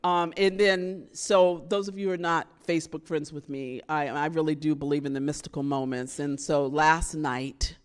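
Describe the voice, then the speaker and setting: A woman's voice: sits low, moderate pace, few pauses, clear, resonant tone. A woman poet, telling a story to a live audience in a university theater and acting out the voices she quotes. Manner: animated, acts out quoted voices. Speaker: visiting poet.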